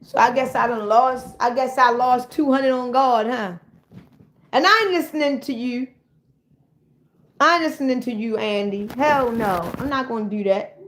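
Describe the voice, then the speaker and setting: A woman's voice: fairly high pitch, moderate pace, hardly any pauses. A middle-aged woman chatting casually on a livestream, telling blunt, profane stories straight to her viewers.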